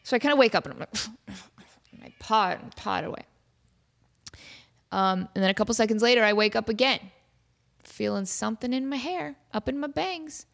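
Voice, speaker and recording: A young adult woman hosting her podcast, telling stories in a casual, animated, self-mocking way, laughing often. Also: fairly high pitch, moderate pace, gravelly, long pauses. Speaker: podcast host. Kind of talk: casual storytelling monologue.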